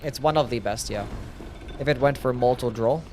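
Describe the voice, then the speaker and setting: A man's voice: medium pitch, moderate pace, slight background noise. A young man casually commenting on a game live, musing aloud and answering viewer questions. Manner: laid-back, musing, answers chat questions. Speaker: streamer.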